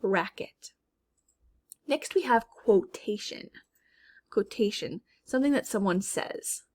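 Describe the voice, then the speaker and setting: A woman teacher talks through a spelling lesson at an unhurried, deliberate pace. She repeats each word several times and carefully sounds out its syllables, in a mid-range voice. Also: medium pitch.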